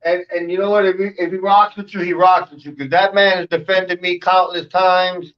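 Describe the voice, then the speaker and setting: A man's voice: high-pitched, flat delivery, fairly quick, dull audio. A man hosting a casual online talk show, laid-back, laughing often and swearing freely. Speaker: podcast host. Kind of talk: casual chat.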